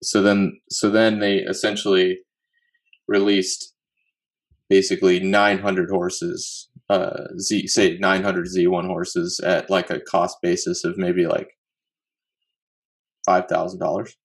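A man's voice: sits low, flat delivery, slow pace. A man co-hosting a podcast in casual chat, musing and working through numbers aloud. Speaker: podcast co-host.

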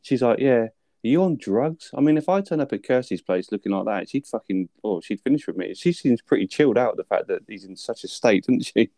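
Male co-host, young adult, mellow tone, profane animated film chat. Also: fairly low pitch, quick pace, creaky, hardly any pauses, no echo. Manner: sweary, animated retelling with laughs. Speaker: podcast co-host.

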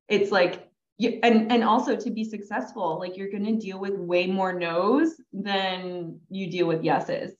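A woman hosting a podcast in casual, chatty conversation, her voice jumping up when she quotes herself. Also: measured pace. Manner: chatty and animated, jumps high when quoting herself. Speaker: podcast host. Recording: echoey, dull lo-fi sound.

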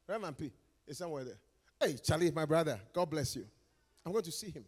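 A Ghanaian man preaching a lively conference sermon, teasing his listeners and swinging from quiet asides to shouted calls. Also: on the high side, fairly quick, husky, big-room sound. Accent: Ghanaian English. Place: large conference hall.

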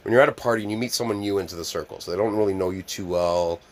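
A man telling wild stories in casual chat, swearing freely and loudly acting out the scenes. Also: lowish voice, very fast. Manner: animated storyteller, swears a lot, acts out scenes loudly.

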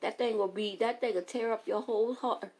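A woman podcast host, giving an animated, preachy, comedic motivational monologue and laughing between lines. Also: a little high, fairly quick, poor audio.

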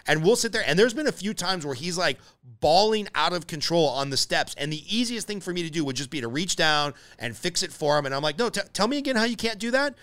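A man's voice: a little high, lively intonation, brisk, hardly any pauses, fairly bright tone. A man hosting a casual interview, talking in an earnest, emphatic way. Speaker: podcast host.

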